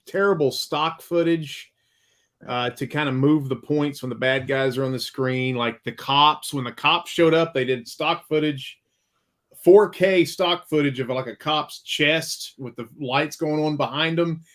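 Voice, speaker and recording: A man hosts a casual movie talk, running through blunt, opinionated critiques. His voice sits on the higher side for a man. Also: a little slow, fairly bright tone. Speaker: podcast host.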